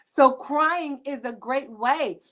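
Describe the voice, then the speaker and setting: A woman hosting a talk show, speaking emphatically in a preachy, animated storytelling way. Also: sits high, takes it slowly.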